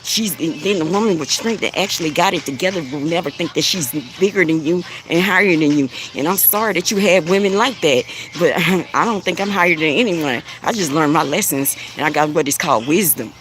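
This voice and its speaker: A woman with a deep, bassy voice gives a spiritual coaching monologue, preachy and repetitive, chuckling between phrases. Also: a little fast, few pauses, noisy background. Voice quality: deep voice with bass. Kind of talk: spiritual motivational monologue to camera.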